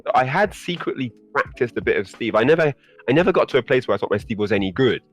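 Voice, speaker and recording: A man guest on a podcast, telling a story in a casual, animated way and laughing often. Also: quick pace, soft background music. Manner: animated, laughing, rising pitch when excited.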